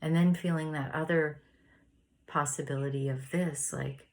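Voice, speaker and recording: A woman in her thirties leading a spiritual study, chatting in a gentle, meandering way and laughing often. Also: low voice, fairly even intonation, normal speed. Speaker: spiritual study group leader. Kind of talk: casual reflective sharing and reading aloud.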